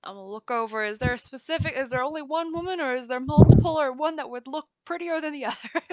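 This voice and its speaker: A woman taking part in a tabletop game who asks hesitant, curious questions. Her voice is a little high and sounds dry and close to the mic. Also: fast, a little mellow, dry recording. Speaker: player. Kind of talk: casual tabletop play.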